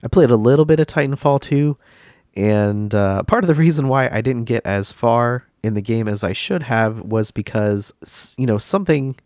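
A man's voice: medium pitch, lively intonation, normal speed, a little mellow, no echo, clean studio sound. Congested man rambling on a podcast. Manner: rambling, lots of fillers and restarts. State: congested, stuffy from a cold. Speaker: podcast host. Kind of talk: casual gaming podcast chat.

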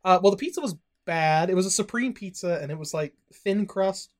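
A man's voice: high voice, lively intonation, fairly quick. A man co-hosting a casual podcast chat, rambling, swearing freely and asking confused questions. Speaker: podcast co-host.

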